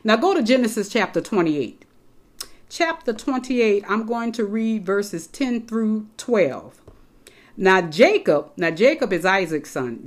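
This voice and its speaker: A woman's voice: mid-range voice, sing-song, measured pace. A woman preaches an emphatic sermon to her congregation. She repeats the key phrases and calls on her listeners directly. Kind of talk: sermon, Bible teaching.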